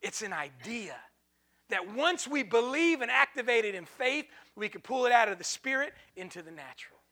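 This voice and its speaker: High, bright-voiced preaching man. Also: very animated, normal speed. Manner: impassioned preaching, swinging from hushed to shouted; repetitive call-and-response phrasing. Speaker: pastor. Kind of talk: sermon.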